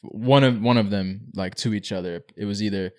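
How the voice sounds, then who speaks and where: A man co-hosting a podcast, talking in a loose, slangy way. He sounds relaxed and chats casually, laughing easily between points. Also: fairly low pitch, moderate pace. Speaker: podcast co-host. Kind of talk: casual chat.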